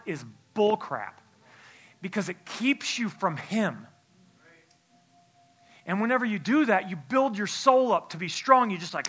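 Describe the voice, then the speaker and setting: A man preaching a sermon in church, telling a personal story in a hushed, halting voice, then building into a forceful exhortation. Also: high-pitched. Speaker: pastor. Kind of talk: sermon testimony.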